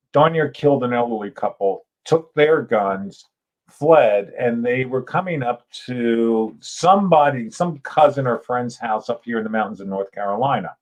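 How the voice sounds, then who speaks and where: A middle-aged man telling a lively story as a guest on a podcast, acting out voices and shouting now and then. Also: medium pitch, lo-fi sound. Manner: animated yarn-spinner, acts out Southern voices with shouts. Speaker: author and guest.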